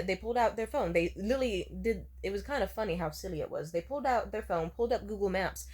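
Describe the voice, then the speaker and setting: A woman's voice: medium pitch, fast, hardly any pauses, a little mellow, breathy edge. A young woman in her twenties talking straight to camera in a loose, rambling storytime vlog. She swears freely and sounds exasperated as she tells the story. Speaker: vlogger.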